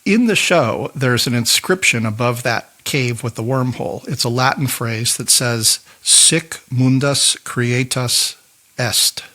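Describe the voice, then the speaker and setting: A man co-hosts a podcast and walks his partner through a prepared explanation. His delivery is conversational and steady, partly read from notes. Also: mid-range voice, moderate pace, few pauses. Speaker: podcast co-host.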